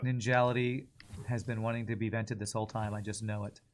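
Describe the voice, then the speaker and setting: A man's voice: fairly low pitch, level tone, a little fast. A man streaming a video game, chatting casually while he plays, swearing and laughing as he goes. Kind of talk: live gameplay commentary.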